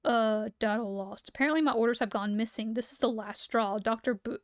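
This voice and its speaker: A woman's voice: a little high, a little fast, no room sound, studio quality. A young woman streamer reading aloud and chatting casually, her voice a bit worn as she is losing it. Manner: chatty, reads aloud then reacts.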